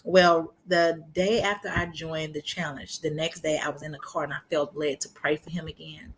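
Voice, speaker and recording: A woman's voice: low-pitched, little pitch movement, moderate pace, slight background noise, poor audio. A woman, telling her faith testimony in casual chat, acting out quotes and laughing often. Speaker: guest sharing her testimony.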